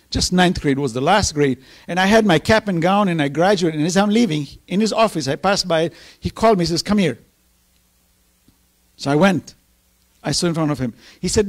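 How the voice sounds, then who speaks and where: A man's voice: a little high, expressive, fairly quick. A middle-aged man telling personal stories with emotion in an earnest sermon, reciting scripture at times. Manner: emotional, earnest storytelling, reciting Quranic verses. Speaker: speaker at a Ramadan program.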